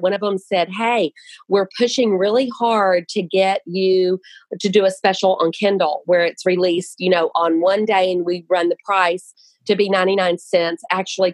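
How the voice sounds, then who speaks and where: A woman's voice: on the low side, no echo, rough recording. Earnest woman telling her story, dry sound. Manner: earnest, animated, many restarts. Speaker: author and guest. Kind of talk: casual conversational storytelling.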